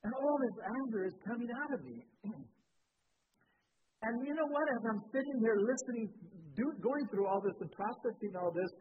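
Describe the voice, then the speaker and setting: A man preaching a sermon, telling a personal story in an animated way, with sudden jumps in pitch and loudness. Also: normal speed. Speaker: pastor. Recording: tinny phone-like sound with faint noise.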